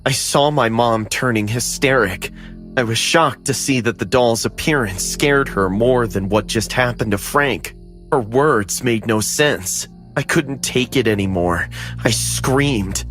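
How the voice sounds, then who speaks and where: A man narrating a scripted horror story in the first person, steady and dramatic. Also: medium pitch, measured pace, faint music behind.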